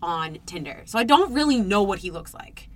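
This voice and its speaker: A young woman co-hosting a podcast, telling a dating story in casual chat, animated and swearing, acting out her own reactions. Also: mid-range voice, normal speed. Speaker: podcast co-host.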